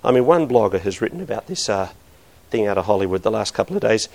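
A man's voice: on the low side, very animated, fast talker, creaky, a little mellow. A middle-aged man preaching a sermon, earnest and building to emphatic bursts.

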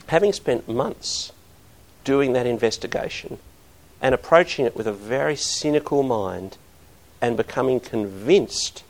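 A man's voice: mid-range voice, vocal fry. A middle-aged man preaching a sermon, earnest and building to emphatic bursts.

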